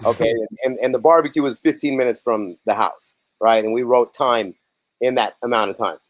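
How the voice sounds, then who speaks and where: A man's voice: medium pitch, brisk. A man telling stories in a casual interview as a band's lead singer, acting out the lines of the people in his tale. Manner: animated storyteller, acts out others' lines. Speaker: lead singer and songwriter, guest.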